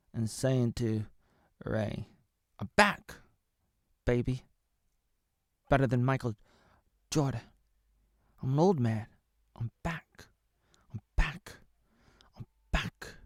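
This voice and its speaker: A sassy talking jackalope with a high, theatrical voice and a gravelly edge, done by a man in a comic vlog. He speaks slowly and with dramatic indignation. The sound is dry and close. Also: no echo, lightly acted.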